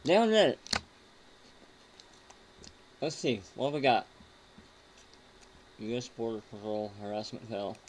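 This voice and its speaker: A man's voice: on the low side, a little slow, pauses often, slight background noise, poor audio. A man hosting a casual online show, reacting to videos with a crude, mocking, rambling manner. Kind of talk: casual rant commentary.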